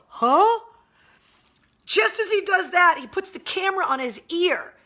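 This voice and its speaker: Woman radio host, high and bright, animated and salty storyteller, casual live-stream chat. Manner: animated, blunt and profane storyteller.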